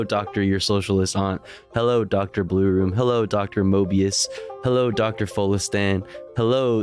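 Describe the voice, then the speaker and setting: A low-pitched man hosts a casual livestream, playful and jokey as he greets his chat one by one. Soft music sits faintly behind him. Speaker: livestream host.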